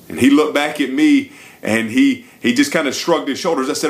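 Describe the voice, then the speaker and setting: Lively preaching man telling a story. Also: mid-range voice, normal speed. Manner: lively storytelling with emphatic rises. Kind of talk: sermon storytelling.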